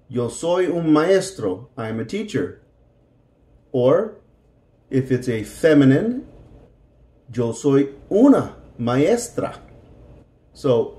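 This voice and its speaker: A man's voice: mid-range voice, mellow, echoey room. A middle-aged man teaching a Spanish lesson, patiently explaining grammar and repeating words for practice.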